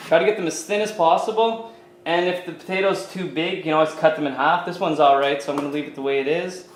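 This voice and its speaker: He talks fast, with a voice on the high side and a steady tone: a Canadian fitness coach casually showing a recipe to camera from his home kitchen. His manner is chatty and loose, full of fillers like "you know." The low-quality recording has an echoey room and slight background noise.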